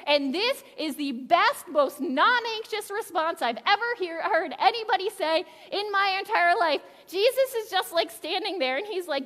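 A woman's voice: very high voice, lively intonation, normal speed, few pauses, fairly bright tone. A woman in her thirties giving a sermon in a church, telling stories in a candid, chatty, self-deprecating way. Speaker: pastor. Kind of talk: conversational sermon. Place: church sanctuary. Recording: reverberant church hall.

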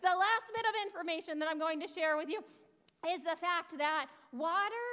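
A woman's voice: very high-pitched, moderate pace, bright, forceful tone. A woman pastor giving a chatty, conversational sermon with asides to the congregation. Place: church sanctuary. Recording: long church reverb.

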